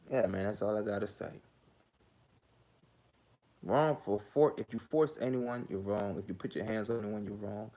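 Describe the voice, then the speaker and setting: A man's voice: lowish voice, vocal fry, warm tone. Man ranting on his own show. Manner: heated ranting, repeats himself, stammers. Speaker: host. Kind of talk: opinion commentary vlog.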